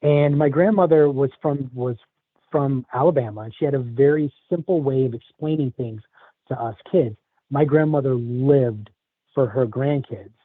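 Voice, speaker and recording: A man from the Chicago area telling a personal story in a halting, casual way, with many restarts. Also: medium pitch, no room sound. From Chicago area, USA. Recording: tinny phone line, dry.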